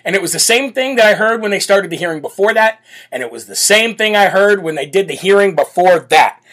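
A man hosting a political talk show, talking in a brash, blunt and forceful way, often repeating himself for emphasis. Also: high-pitched, expressive, fairly quick. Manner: repetitive, emphatic restarts. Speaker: host.

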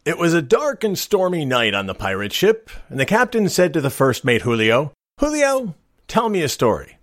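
Wry middle-aged male storyteller, lively pitch. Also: normal speed, dry recording, studio quality. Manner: wry, deadpan joking delivery. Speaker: storyteller host. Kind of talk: casual spoken storytelling.

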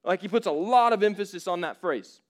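A man's voice: high voice, brisk. A man preaching a sermon in an informal, emphatic way, with frequent casual fillers. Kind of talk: conversational sermon.

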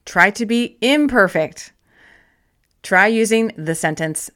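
A woman narrating a self-help audiobook in a gentle, encouraging way, with slow, deliberate emphasis on key words. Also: medium pitch, lively intonation.

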